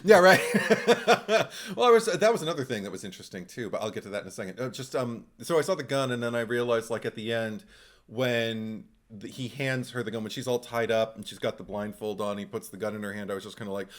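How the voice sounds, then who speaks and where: A man co-hosting a podcast in casual film talk, animated, acting out his own reactions in quoted asides and laughing often. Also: fairly low pitch, quick pace. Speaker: podcast co-host.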